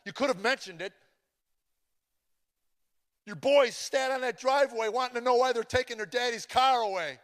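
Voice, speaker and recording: A man's voice: extremely high pitch, sing-song, a little fast, pitched above the performer's own voice, full character voice. Fed-up scolding wife, as a man puts her on. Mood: exasperated. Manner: scolding, sharp and demanding. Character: fed-up frustrated wife, adult woman. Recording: long hall reverb.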